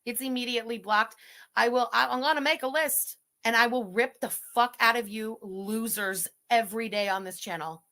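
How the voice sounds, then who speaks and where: A woman livestreamer on an angry, profane rant, shouting insults at her audience. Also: fairly high pitch, normal speed.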